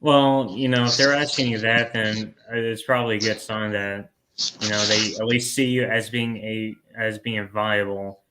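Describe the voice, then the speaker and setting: A man's voice: fairly low pitch, little pitch movement, moderate pace, bright, forceful tone, slight background noise, low-quality recording. Laid-back rambling male podcast host. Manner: rambling, laughs easily, drawls "man" at ends of lines. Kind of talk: casual chat.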